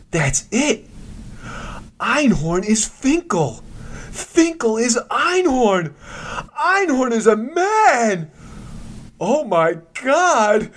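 Man doing a manic detective, shrill, drawn-out, swooping wildly. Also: fairly bright tone, exaggerated voice. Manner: frantic, exaggerated, drawn-out shrieks.

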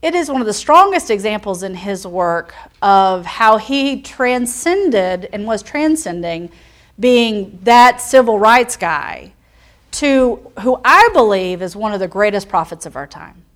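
A woman's voice: medium pitch, animated, a little slow. A woman pastor giving a conversational sermon, telling stories and acting out quotes. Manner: storytelling with asides and acted-out quotes.

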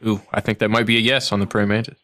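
Deadpan bright-voiced man prank caller. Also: fairly low pitch, racing. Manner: deadpan, straight-faced absurd questions. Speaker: podcast host and prank caller. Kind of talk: prank phone call banter.

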